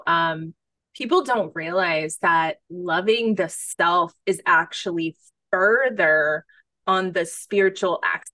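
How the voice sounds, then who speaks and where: A woman's voice: lowish voice, a bit bright, no room sound. Reflective woman host, dry close sound. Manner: reflective, relates with her own story. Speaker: podcast host. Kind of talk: conversational interview.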